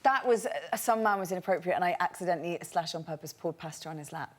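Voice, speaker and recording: A woman's voice: lowish voice, quick pace. A woman speaking breezily and laughing as a chat show guest.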